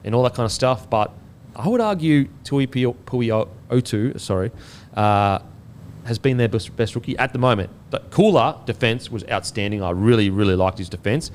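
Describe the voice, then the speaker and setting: A man hosting a casual sports podcast, relaxed and swearing now and then, tripping over player names. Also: medium pitch, normal speed, a little hiss or hum. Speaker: podcast host.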